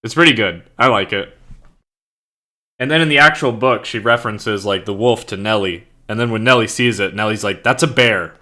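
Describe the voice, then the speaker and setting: A young man with a lowish but bright, forceful voice, talking in loose casual chat. He rambles through his thoughts and leans heavily on filler words. He laughs often as he goes. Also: normal speed. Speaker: streamer and author.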